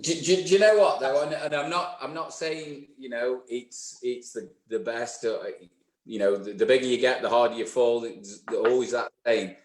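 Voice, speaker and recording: A man's voice: mid-range voice, fairly even intonation, normal speed. Co-host, man, thoughtful and stammering, roomy echo on the recording. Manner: reflective, stammering restarts. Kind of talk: casual live show chat. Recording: echoey room.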